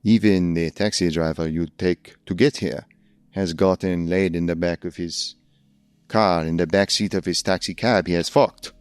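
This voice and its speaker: Comedy podcast bit: a man plays a stuffy French concierge, fake accent, deep and dry. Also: fairly even intonation, smooth, dry recording, faint music behind, close to an everyday voice. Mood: condescending. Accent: put-on French. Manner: haughty, mock-formal, halting. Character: snooty male French hotel concierge.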